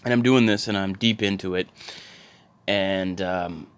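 A man doing a solo podcast, rambling casually with sarcastic, crude, deadpan humor. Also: sits low, a little slow, clean tone.

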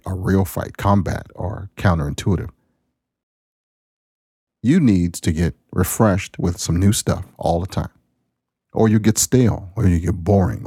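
Deep-voiced, folksy male podcast host. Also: gravelly, mellow, husky, no room sound, clean studio sound. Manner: folksy, preachy, plain-spoken. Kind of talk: casual spoken monologue.

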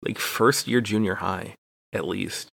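Man, low pitch, gravelly fry, dry close sound, rambling self-mocking podcast storytelling. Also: a little slow, fairly bright tone, no echo. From Texas. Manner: rambling, profane, self-deprecating. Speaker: podcast co-host. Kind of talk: casual storytelling chat.

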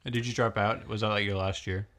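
A man with a fairly low voice hosts a laid-back podcast chat. He laughs a lot, teases his co-host and jumps in with quick reactions. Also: steady tone, fairly bright tone. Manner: teasing, laughs often, short reactions.

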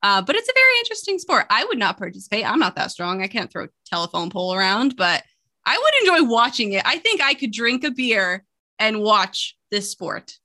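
A woman co-hosting a podcast in casual chat, chatty and quick to laugh. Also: medium pitch, lively intonation, pushed and bright. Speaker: podcast co-host.

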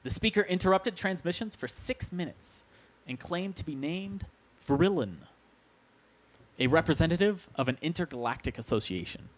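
A man's voice: on the high side, moderate pace. Man telling a story on a podcast. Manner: relaxed, joking, reads from notes. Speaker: podcast host.

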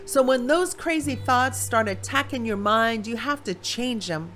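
A woman from Ohio gives a personal faith testimony, animated storytelling with voiced quotes. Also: a little high, measured pace. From Ohio, USA. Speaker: Christian speaker.

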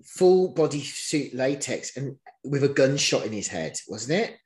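Guy co-hosting a chatty show, animated, pitch leaps when exasperated. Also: measured pace, low-quality recording. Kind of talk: casual chat recapping reality TV.

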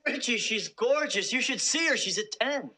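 A breezy, unreliable charmer in a 1990s sitcom, always coaxing others to cover for him. His voice is bright, with lively swings in pitch. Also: moderate pace, full character voice. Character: smooth-talking, unreliable charming adult brother.

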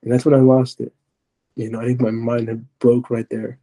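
Husky, dark-voiced man telling his story. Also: medium pitch, flat delivery. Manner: earnest, halting, often sinking to a murmur. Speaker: podcast guest. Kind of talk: personal testimony storytelling.

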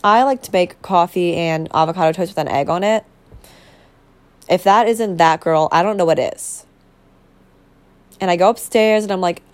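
A woman's voice: fairly low pitch, normal speed, pauses often. A young woman hosting a casual solo podcast, rambling and bubbly, full of fillers and self-corrections. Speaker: podcast host.

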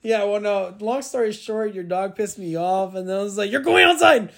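A man's voice: high-pitched, steady tone, normal speed, a little mellow. A congested man co-hosting a casual chat, teasing his friend and laughing. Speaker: podcast co-host.

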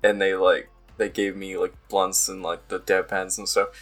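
A laid-back young man talking casually, slightly low and husky in tone. He laughs along and swears when he reacts, and faint music sits underneath. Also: level tone, moderate pace, fairly bright tone. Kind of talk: casual chat.

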